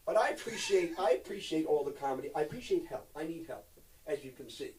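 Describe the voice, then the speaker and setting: A middle-aged man rambles through a joking chat, his voice sitting a little higher than most men's. He jumps from mumbled asides to loud, profane bursts. He sounds a little distant from the mic. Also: animated, quick pace. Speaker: actor guest. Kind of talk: joking live-stream chat.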